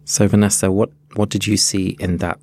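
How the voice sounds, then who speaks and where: A man co-hosting a podcast, reflective and gently guiding listeners through a reading and discussion. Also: low voice, flat delivery, moderate pace. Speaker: podcast co-host.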